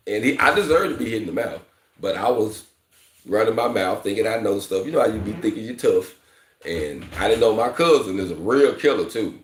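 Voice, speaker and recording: Male welding coach, very deep voice, speech, loose slangy vlog chat, echoey room. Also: expressive, a little fast, a little hiss or hum. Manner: candid, repeats "fam" and "you know", slangy. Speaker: welding instructor. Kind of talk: casual vlog talk to viewers.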